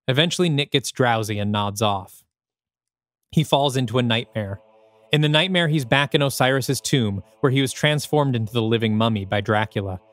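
A man reading a screenplay aloud in a medium-pitched voice, telling the action with dramatic flair in the present tense. The recording is dry and close, with no room echo. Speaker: podcast host. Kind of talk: scripted narration of a screenplay.

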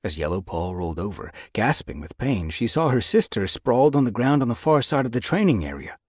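A man narrating a children's animal novel as an audiobook, with expressive storytelling. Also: medium pitch, brisk, dry recording, studio quality. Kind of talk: scripted narration.

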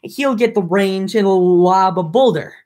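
A woman's voice: mid-range voice, unhurried, dark tone, natural voice. Woman reading as a worried ship's crew. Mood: pleading. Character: worried male ship's crew, pleading with captain.

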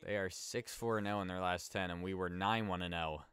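Low smooth-voiced man commentating a game. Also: steady tone, a little fast, a bit bright. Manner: chatty, rambling, reacts to plays. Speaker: let's play host. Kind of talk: casual gameplay commentary.

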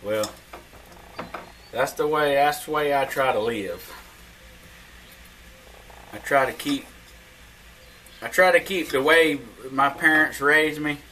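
Southern guy talkin slow n folksy in his cooking vlog, outdoors. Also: fairly high pitch, bright, forceful tone, a little hiss or hum, rough recording. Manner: folksy, drawling, talks to camera. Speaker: cooking vlogger.

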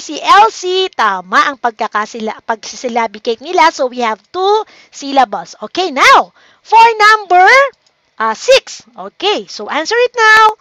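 A woman's voice: high-pitched, pushed and bright, no echo. A young woman teacher with a Filipino accent, leading a livestreamed grade-school lesson in a patient, encouraging way and mixing English with Tagalog. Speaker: online teacher.

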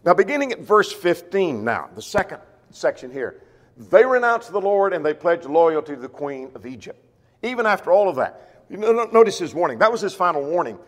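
A man teaching a verse-by-verse Bible class, reading scripture slowly and with emphasis, then explaining it in a conversational way. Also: high-pitched, very animated, big-room sound. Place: church.

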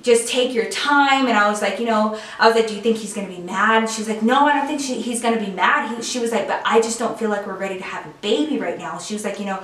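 A YouTube storyteller talks rapid-fire with few pauses in a medium-pitched, fairly bright voice, sharing a personal story with viewers in a casual storytime monologue full of "like" and "you know." The room is echoey and the mic sits at a distance.

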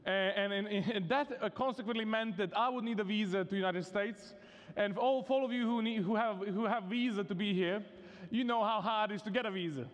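A man's voice: sits high, fairly quick. A man from Serbia with a Serbian accent, preaching a sermon in a conversational, humorous way with many casual fillers. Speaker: guest preacher. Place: chapel hall at a university vespers service. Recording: long reverb of a large hall.

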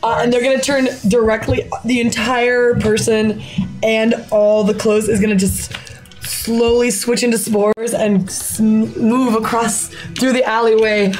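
A woman's voice: a little high, level tone, unhurried, a little mellow, soft background music, poor audio. Laughing woman player. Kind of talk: casual tabletop play.

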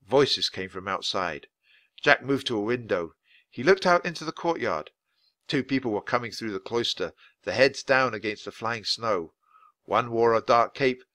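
A man reading a children's book aloud at a clear, natural pace for language learners. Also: on the low side, sharp tone, dry recording. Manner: clear, deliberate storytelling for learners. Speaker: audiobook reader.

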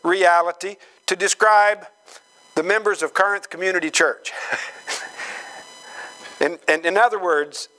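A man preaching a sermon, slow and emphatic, acting out quoted voices with dramatic swings in pitch. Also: fairly even intonation, bright, forceful tone, rough recording. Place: church gathering hall.

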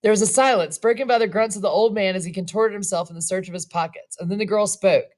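A woman's voice: mid-range voice, quick pace, darkish tone. A woman narrating a western short story aloud, breaking off for casual asides. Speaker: reader and narrator.

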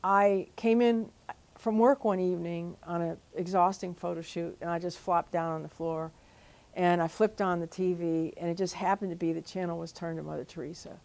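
A middle-aged woman, a photographer telling her story in an interview, animated and full of fillers and restarts. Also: on the low side, moderate pace, gravelly. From Louisiana.

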